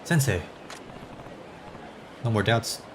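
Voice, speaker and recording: A man voicing a calm male samurai sword teacher, in a steady, plain manner. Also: lowish voice, slow, noisy background.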